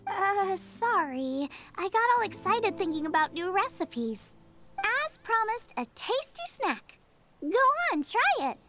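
Game role: peppy young chef, very high, lively, eager, game music behind. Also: female voice, unhurried, exaggerated voice. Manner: eager, bubbly, rambles about recipes. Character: cheerful young woman chef, food-obsessed. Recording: game audio with background music.

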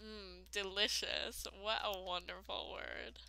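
A woman reading the lines of a gloating female spider queen boss in a video game, slow and relishing. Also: medium pitch, fairly even intonation, gravelly, sharp tone, smooth, faint music behind, full character voice.

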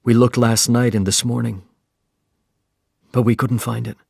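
A man's voice: medium pitch, level tone, unhurried, creaky, darkish tone, breathy edge, dry recording, studio quality. A man voicing a sorrowful ship captain who tells how he lost his boat. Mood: urgent, grim. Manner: telling a tale, urgent.

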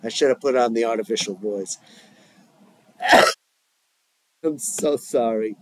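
A man's voice: medium pitch, a little slow, no room sound, low-quality recording. A man reading stage directions aloud in a plain, matter-of-fact way, his throat bothering him. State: throat trouble, coughing. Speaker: script reader.

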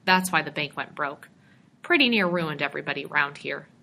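A woman's voice: sits low, lively intonation, moderate pace, vocal fry, pushed and bright, full character voice. A woman reading as a folksy small-town real estate man. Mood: chatty. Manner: rural dialect, chatty.

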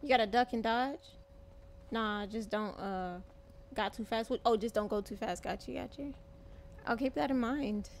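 A woman's voice: on the high side, normal speed, a little hiss or hum. A woman streaming in-character game roleplay as a mother, talking bluntly and swearing freely. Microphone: desk microphone at a gaming setup.

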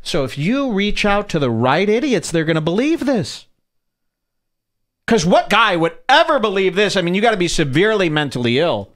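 A man's voice: sits high, very animated, moderate pace, fairly bright tone. A man hosting a podcast, commenting on clips in a sarcastic, mocking way. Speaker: podcast host. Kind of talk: casual commentary.

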